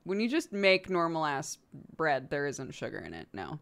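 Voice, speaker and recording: A woman's voice: low-pitched, sing-song, moderate pace, creaky, fairly bright tone. A woman from the United States streaming from home, chatting casually with her chat and laughing often. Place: home streaming setup, lives in England.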